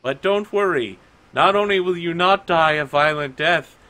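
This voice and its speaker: A man doing a lying, flattering magic tree. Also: a little high, normal speed, pitched above the performer's own voice. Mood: mock-flattering.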